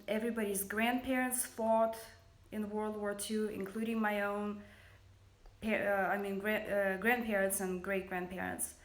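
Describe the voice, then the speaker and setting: A woman in her thirties with a Russian accent, a business founder speaking earnestly and hesitantly in a personal livestream, with many fillers. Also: mid-range voice. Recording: roomy echo.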